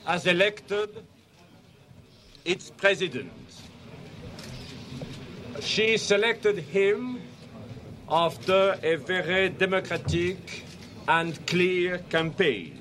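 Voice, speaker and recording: A man from France reading a formal speech in a slow, deliberate, solemn way. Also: sits high, fairly bright tone.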